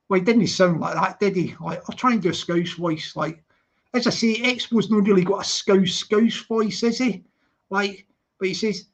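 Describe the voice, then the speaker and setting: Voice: mid-range voice, expressive, moderate pace. Rambling livestream commentator. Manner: repetitive, lots of "you know what I mean". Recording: lo-fi livestream audio.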